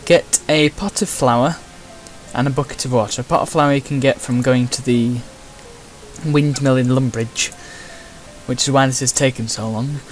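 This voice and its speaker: A man's voice: mid-range voice, fairly even intonation, normal speed, soft background music. A man giving casual, chatty gameplay commentary with wry asides. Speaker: gamer.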